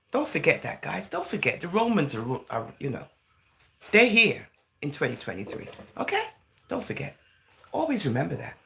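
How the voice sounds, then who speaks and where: A low-pitched, gravelly, fairly bright-toned woman from England chats to camera in a rambling vlog monologue. She leans on "you know" and "right?" and now and then shifts into Jamaican-style phrasing.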